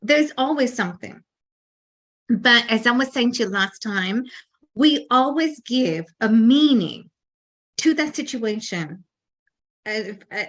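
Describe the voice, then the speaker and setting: A woman's voice: a little high, a bit bright. A woman co-hosting a talk show, giving an earnest motivational talk with frequent restarts and fillers. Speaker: podcast co-host.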